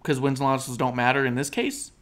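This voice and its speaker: A man's voice: mid-range voice, steady tone, brisk, fairly bright tone. A man co-hosting a casual wrestling talk show over an online call, emphatic and opinionated, rambling with fillers. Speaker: podcast co-host.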